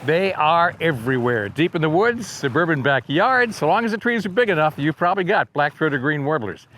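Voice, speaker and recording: A man with a fairly high voice, running a casual birding lesson in a friendly, wry tone. He sometimes imitates bird songs with his voice. There is faint background noise, with birds singing in the distance. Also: expressive, brisk, fairly bright tone. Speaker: birding guide and video host. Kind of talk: casual educational video narration.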